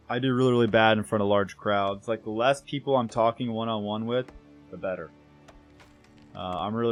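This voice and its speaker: A young American man chatting casually with viewers while streaming a game, rambling and correcting himself as he goes. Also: on the low side. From United States. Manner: rambling, self-correcting, trails off softly.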